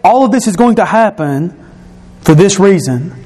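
A man preaching a sermon, explaining scripture verse by verse and repeating key phrases, slowing and dropping his voice for emphasis. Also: high-pitched, animated, darkish tone, slightly rough. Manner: slows and drops his voice for emphasis.

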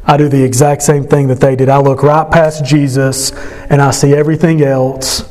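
A man preaching a sermon as pastor at a church service, impassioned, his voice climbing high when he stresses a point. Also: little pitch movement, normal speed, darkish tone, soft background music.

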